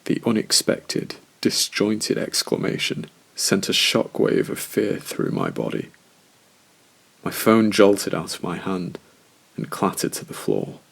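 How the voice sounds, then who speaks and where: A man narrating a first-person horror story in a slow, measured, scripted way. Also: low-pitched, very animated, creaky, slightly rough.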